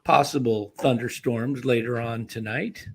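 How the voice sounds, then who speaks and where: A man co-hosting a baseball talk show, joking and excitable in casual banter. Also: mid-range voice, unhurried, slightly rough. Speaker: sports talk show co-host.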